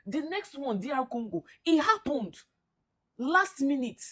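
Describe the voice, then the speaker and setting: A woman's voice: sits high, big pitch swings, a little slow, pushed and bright. A young woman with a Nigerian accent ranting as an upset football fan, pleading and repeating herself. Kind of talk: emotional reaction rant.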